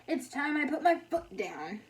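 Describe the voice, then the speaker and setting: A woman reading aloud the lines of a firm, gruff middle-aged man of the house. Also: high voice, big pitch swings, moderate pace, pitched above the performer's own voice.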